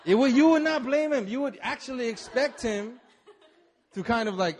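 Man, preacher, church sermon, fairly high voice, animated storytelling, acts out characters. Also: moderate pace. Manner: animated storytelling, acting out biblical figures with laughs. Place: church service.

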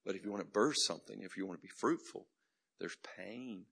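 A man preaching a sermon as pastor, building from quiet reflection to shouted climaxes in a rhythmic, repetitive cadence. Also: low voice, a little fast, creaky, breathy edge.

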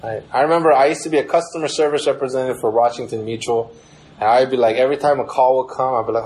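A man's voice: medium pitch, steady tone, quick pace, darkish tone, poor audio. A young man preaching a sermon in a casual, conversational way, acting out prayers with a raised voice. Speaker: pastor.

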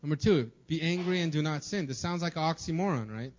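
A young man with a slightly raised pitch delivers a sermon to his church in a casual, conversational way, leaning on fillers and asking "right?" again and again. The recording is muffled and lo-fi. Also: fast, a little mellow. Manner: casual, filler-heavy preaching with many "right?" and "like". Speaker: pastor.

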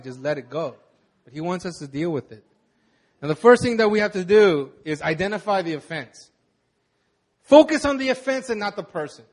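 A young adult man, a pastor, giving a conversational sermon and telling candid personal stories in a halting way. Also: sits high.

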